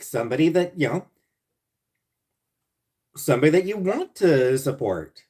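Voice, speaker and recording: A man hosting a casual livestream, reading viewer comments and answering bluntly and profanely, with sarcastic jokes, sometimes muttering low and sometimes ranting loudly. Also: sing-song, moderate pace. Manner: blunt and profane, swinging between mutters and loud rants. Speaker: livestream host.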